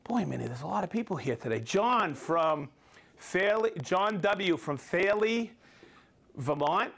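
Upbeat man with a high voice, reading shout-outs. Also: lively intonation, measured pace, vocal fry. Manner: upbeat, reads off viewer names and places, stumbles over hard names. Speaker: livestream host. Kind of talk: live-stream shout-outs to viewers.

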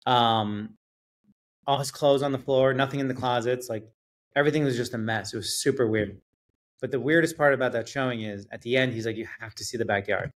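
Animated man telling a wild story. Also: mid-range voice, fairly quick. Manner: animated storyteller, acts out quotes, swears, laughs. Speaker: realtor guest. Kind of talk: casual storytelling.

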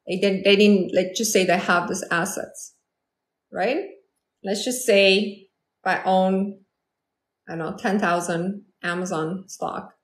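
A woman's voice: medium pitch, roomy sound. A woman hosting a casual live stream as a manifestation coach, talking confidently and chattily to viewers. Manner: confident, chatty, acts out quoted lines.

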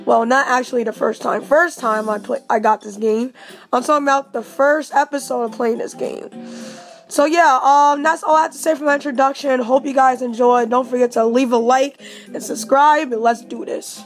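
Excitable high-voiced woman gaming. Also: moderate pace, faint music behind. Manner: excitable, reacts loudly to the game. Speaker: gaming channel host. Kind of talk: casual let's-play commentary.

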